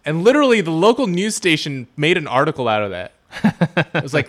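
A man co-hosting a casual podcast, chatty and quick to laugh. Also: fairly high pitch, big pitch swings. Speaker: podcast co-host. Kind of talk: casual group chat.

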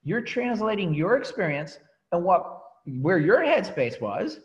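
Guy coaching his team, chatty storyteller, repeats himself, kinda higher voice, dull muffled audio. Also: measured pace. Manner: animated storytelling, repeats words and restarts, laughs at himself. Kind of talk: motivational team talk.

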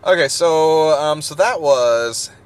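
A man's voice: fairly high pitch, slow pace, clear, resonant tone. A man co-hosting a podcast in casual chat, telling stories with jokey asides. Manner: animated storyteller, jokey asides. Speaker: podcast co-host.

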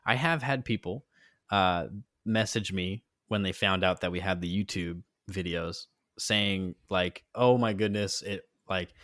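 A man's voice: deep voice, fairly even intonation, a little slow, pushed and bright, dry recording, studio quality. A man co-hosting a casual podcast chat, rambling with many fillers and restarts. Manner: rambling, filler-heavy, self-correcting. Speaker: podcast co-host.

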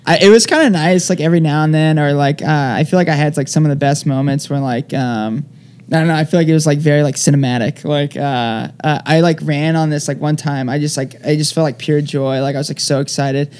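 A man's voice: a little high, steady tone, fairly quick, darkish tone. A young man telling a story as an interview guest, rambling casually with lots of filler words. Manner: rambling, heavy use of "like" fillers.

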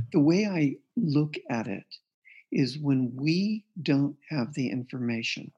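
A man with a husky, slightly breathy voice at a mid pitch tells a client's story in an interview. He speaks earnestly and acts out the lines from the session as he goes. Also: lively intonation, slow pace, a little mellow, highs cut off. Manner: earnest, recounts a client case with quoted dialogue. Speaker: guest author and therapist.

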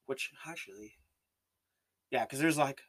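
A young man with a Canadian accent talks alone on his podcast, rambling through his thoughts with lots of fillers and restarts. His voice sits in a middle pitch. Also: unhurried, fairly bright tone. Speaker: podcast host. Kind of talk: solo casual podcast monologue.

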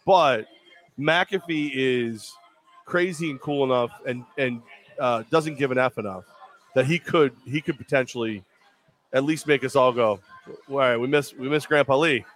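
A man co-hosting a podcast in casual sports chat, rambling and cracking jokes with quick asides. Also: mid-range voice. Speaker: podcast co-host.

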